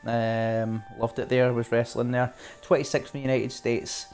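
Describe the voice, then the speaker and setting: A Scottish man from Glasgow talks easily to his viewers while playing. He asks them questions, laughs often and wanders from topic to topic. Quiet game music plays behind him. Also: mid-range voice, little pitch movement, moderate pace. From Scotland, Glasgow. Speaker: streamer. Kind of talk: casual chat while playing a game live.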